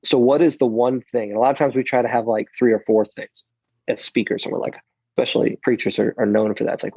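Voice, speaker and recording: A man with a gravelly, fry-tinged voice talks through his advice in a loose, animated way, often restarting his sentences. His tone is self-deprecating and conversational. The recording is dry and a little dull. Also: medium pitch, fast talker, no room sound. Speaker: speaker and preacher. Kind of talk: conversational interview answers.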